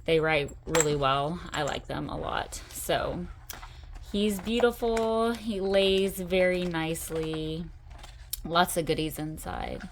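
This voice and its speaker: A middle-aged woman with a lowish voice, chatty and enthusiastic as she hosts her own craft channel. She talks in a relaxed show-and-tell way, gushing about the details she shows. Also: slow pace, noisy background. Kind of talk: casual show-and-tell vlog.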